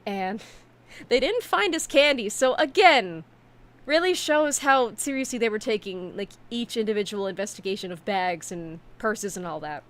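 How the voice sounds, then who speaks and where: A woman streamer in casual chat, telling stories in an animated way with many fillers and restarts, talking from her home setup. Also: mid-range voice, moderate pace.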